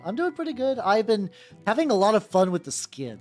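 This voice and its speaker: A chatty miniature-painting VTuber talks to a live stream audience while working. The voice swings widely in pitch and rambles in loose, profane asides. Soft background music plays underneath. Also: sing-song, a little fast. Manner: rambling and profane, with frequent self-restarts; greets and chats with viewers while working. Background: faint background music.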